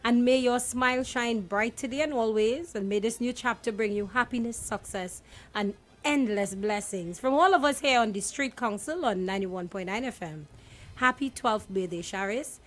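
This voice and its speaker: Female radio co-host, fairly high voice, teasing banter. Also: moderate pace.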